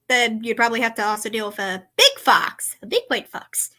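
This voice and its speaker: A woman with a high voice chats casually as she reacts to clips, giggling often and now and then sinking into a soft whisper. Her tone is bright and ringing. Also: big pitch swings, a little fast. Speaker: video reaction host and voice actor.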